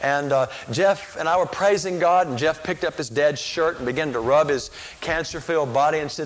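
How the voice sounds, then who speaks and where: Earnest storytelling male preacher, higher voice. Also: normal speed, hardly any pauses. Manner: emotional, earnest, acts out quoted voices. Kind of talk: sermon storytelling.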